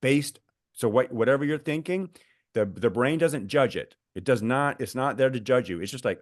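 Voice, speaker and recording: Animated man explaining with fillers, dry mic. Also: mid-range voice, moderate pace, no echo. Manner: animated storyteller, many fillers and restarts. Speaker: guest author and coach. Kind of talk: podcast conversation, explaining.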